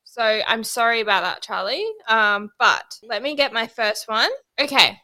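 Aussie woman cohosting a podcast, really bright sharp voice, lively, laughs mid-story. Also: on the high side, normal speed. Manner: lively, laughs while talking. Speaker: podcast co-host. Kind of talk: casual chat.

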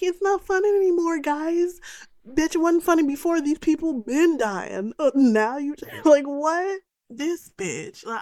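Casual woman host, sarcastic and exasperated, swears a lot, spikes high when fired up, dry close sound. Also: dry recording. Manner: lively, jumps to high exclamations. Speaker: podcast host recapping a film. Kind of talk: casual film recap.

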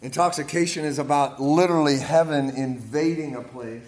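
This guest preacher is a man with a Pittsburgh accent, hailing from the Pittsburgh area of Pennsylvania, whose pitch is fairly high and pace moderate. Preaching to a leadership group, he's energetic and repetitive, often checking in with "right?" and "amen?" The echoey room carries audience responses.

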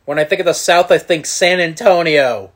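Young male sports co-host, wry and teasing, slightly high-pitched. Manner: teasing, quick to laugh. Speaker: podcast co-host. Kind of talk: casual sports talk.

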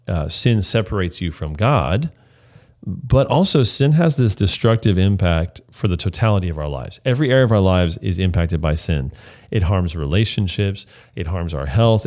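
A man giving a devotional Bible teaching in an earnest, reflective way, slowing down when he reads scripture aloud. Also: lowish voice, a little mellow.

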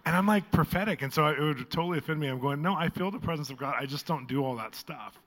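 A man's voice: a little high, fast, a bit bright. A man hosting a live interview on a faith show, talking to the guest and the audience in an enthusiastic, chatty way. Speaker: host.

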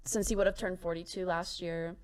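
A young woman co-hosting a casual true-crime podcast, reading quotes aloud with soft laughs and many fillers. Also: fairly low pitch, fairly even intonation, fairly quick, clean tone. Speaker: podcast co-host.

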